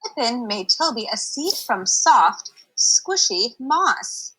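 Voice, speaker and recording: A woman's voice: a little high, sing-song, slow pace, a bit bright, breathy edge, poor audio. A young adult woman reading a picture book aloud to children on a livestream, stopping to explain words in a chatty way.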